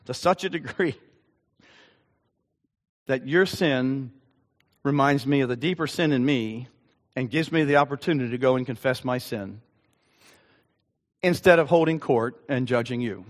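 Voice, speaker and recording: A male pastor delivering a sermon with a personal story, earnest and halting, with frequent ums. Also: medium pitch. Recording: long hall reverb.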